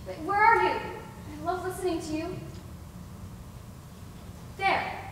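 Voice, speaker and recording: A woman's voice: very high-pitched, fairly even intonation, takes it slowly, fairly bright tone, a little hiss or hum, heavily acted. A young woman playing a sad, self-doubting young girl in a school stage play, wistful and plaintive. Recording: echoey hall, far from mic.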